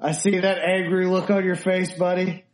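A man's voice: sits high, flat delivery, normal speed. A man co-hosting a casual podcast, teasing his friends playfully. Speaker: podcast co-host. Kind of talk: casual chat. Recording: roomy echo.

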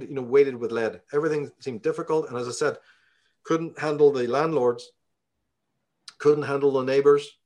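A man from Belfast with a Northern Irish accent, telling a story in a casual interview, profane and heated as he rants. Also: mid-range voice. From Belfast, Northern Ireland.

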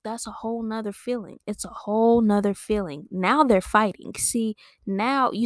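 A woman's voice: medium pitch, no echo, clean studio sound. A woman podcast host riffing casually in a profane, rambling, playful comedic style.

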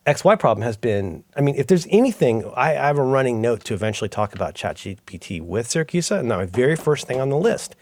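Animated rambling man podcaster. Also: mid-range voice, quick pace, few pauses. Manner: rambling, self-interrupting, animated storytelling. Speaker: podcast co-host. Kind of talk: casual chat.

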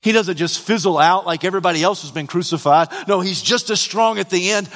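High-voiced preacher in an echoing hall. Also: male voice, animated, normal speed, hardly any pauses. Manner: dramatic swings from hushed to shouted. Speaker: pastor. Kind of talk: sermon. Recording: long hall reverb.

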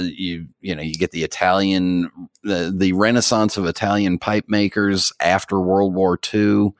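Middle-aged male podcast co-host, low voice, dry studio sound, rambling and self-deprecating. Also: clear, resonant tone, no room sound. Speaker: podcast co-host, pipe tobacco expert. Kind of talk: casual podcast chat.

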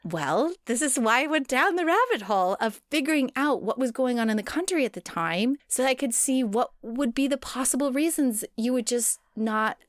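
A woman's voice: high voice, lively intonation, normal speed, hardly any pauses, no room sound, studio quality. A woman casually telling a sumo wrestler's life story to a co-host, laughing at times and digressing. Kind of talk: casual chat.

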